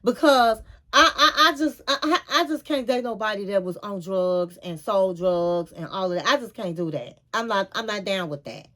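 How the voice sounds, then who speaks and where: A woman's voice: mid-range voice, normal speed, sharp tone. A woman casually recapping a reality show and giving frank advice, calling her viewers honey and queens. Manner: chatty, retells scenes with quoted dialogue.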